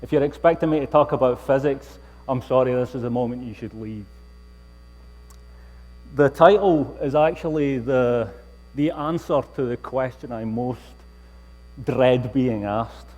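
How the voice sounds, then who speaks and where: A man's voice: mid-range voice, unhurried, a little mellow. A man with a Scottish accent giving a public lecture, with wry, self-deprecating humor. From Scotland. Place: lecture hall. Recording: reverberant lecture hall.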